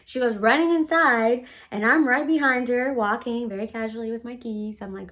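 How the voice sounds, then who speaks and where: A woman recounts a personal story in a loose, casual storytime style. Her voice sits a bit high, and her delivery is brash, sassy and full of profanity. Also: normal speed, pushed and bright. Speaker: vlogger telling a personal story.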